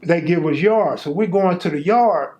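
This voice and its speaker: A man's voice: sits high, normal speed, darkish tone. A middle-aged man from Los Angeles telling a true story in a casual, slangy way, acting out the people he quotes. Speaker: storyteller host. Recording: roomy echo.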